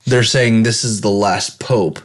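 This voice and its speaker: A man's voice: lowish voice, fairly even intonation, measured pace. A man co-hosting a podcast, blunt and swearing freely in casual chat with friends. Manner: blunt, profane. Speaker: podcast co-host.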